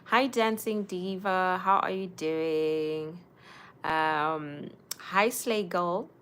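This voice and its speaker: Low-voiced woman, chatty livestream. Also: very slow, clean tone. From Zimbabwe. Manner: chatty, warmly greets viewers by name. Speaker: livestream host. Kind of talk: casual livestream chat.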